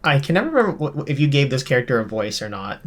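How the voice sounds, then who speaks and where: Man, mid pitch, laid-back, casual let's play banter, hesitant. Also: sing-song, very fast. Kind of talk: casual chat while gaming.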